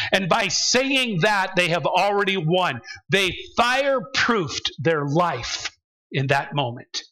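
Bright, high-voiced preaching man. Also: sing-song, slow, poor audio. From United States. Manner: emphatic, acts out the voices of believers he describes. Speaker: pastor. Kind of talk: sermon. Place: church sanctuary.

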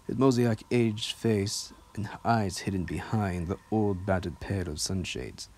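Male audiobook narrator, deep and low, steady measured read. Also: slight background noise. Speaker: audiobook reader.

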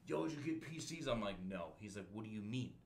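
A man's voice: lowish voice, expressive, fairly quick, vocal fry. A man hosting a podcast and telling a recruiting story in a casual, slangy way, calling people bro and dude. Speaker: podcast host, Marine recruiter.

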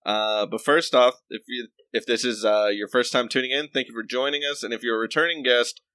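A man's voice: mid-range voice, steady tone, a little fast, pushed and bright, no room sound. A young man co-hosting a movie podcast from home, chatting casually and rambling with lots of fillers. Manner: laid-back, rambling with fillers. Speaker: podcast co-host. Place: home, remote recording.

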